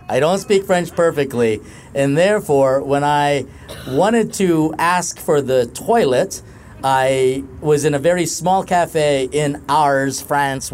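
A man's voice: on the high side, a little hiss or hum. A man, a priest co-hosting a live outdoor question-and-answer session, tells funny stories with lots of laughter and mimicked voices. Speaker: priest, co-host. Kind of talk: storytelling at a live Q&A. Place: outdoors on a river cruise ship deck.

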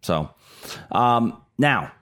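A man's voice: mid-range voice, very animated, extremely slow, fairly bright tone, clear, resonant tone. A middle-aged man co-hosting a casual talk show, explaining stock market trends with frequent restarts. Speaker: market analyst co-host.

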